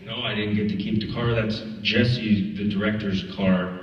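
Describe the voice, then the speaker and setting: A man telling lively anecdotes at a film Q&A, acting out voices and laughing often. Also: on the low side, moderate pace, a little hiss or hum. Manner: animated storyteller, acts out quotes, laughs often. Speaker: actor answering audience questions. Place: festival screening hall. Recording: echoey hall from far off, dull audio.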